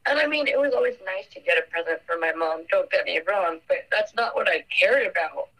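Bright-voiced young woman recalling loss. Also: fairly low pitch, expressive, poor audio. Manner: earnest, halting, frequent fillers. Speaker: interviewee. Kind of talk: personal recollection.

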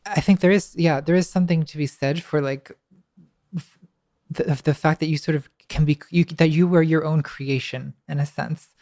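A woman's voice: sits low, fairly even intonation, normal speed, mellow, no echo, clean studio sound. A woman guest talking reflectively, hesitant with many restarts and fillers, and now and then laughing wryly at herself. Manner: wry, laughs lightly at herself. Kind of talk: reflective conversation.

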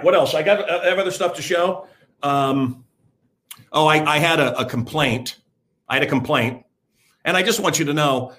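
A man's voice: on the high side, bright, forceful tone. An older man hosting his own show, talking blunt and rambling in a casual monologue to camera. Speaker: host.

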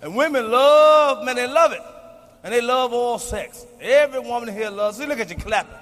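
A man in his forties doing a profane, boastful stand-up routine on stage, shouting his punchlines. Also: very high voice, moderate pace. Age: 40s. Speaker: stand-up comedian. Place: comedy stage before a live audience. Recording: live hall recording with faint noise.

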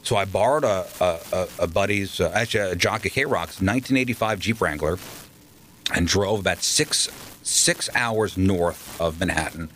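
A man, a radio DJ, telling animated stories in a casual interview and acting out the people he quotes. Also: low voice, normal speed, slight background noise. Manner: animated anecdotes, acts out quoted voices. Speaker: radio DJ guest.

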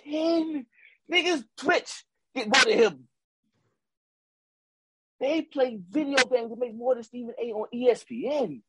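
A man co-hosting a casual sports talk show, ranting with animated repetition and slang. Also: very high-pitched, a little slow, long pauses, background noise. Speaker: podcast co-host.

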